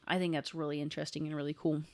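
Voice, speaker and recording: Low-voiced rambling woman co-host. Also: little pitch movement, racing, darkish tone. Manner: rambling, full of "like" fillers, enthusiastic. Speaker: podcast co-host. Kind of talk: casual chat.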